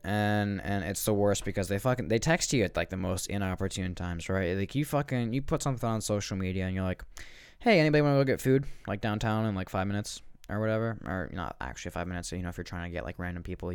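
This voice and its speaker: A man's voice: low voice, lively intonation, fast, creaky, few pauses, clean tone, no room sound. A young man hosting a podcast, telling a comic rant full of swearing, rambling and restarts. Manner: profane, rambling, restarts often. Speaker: podcast host. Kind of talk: comedic rant.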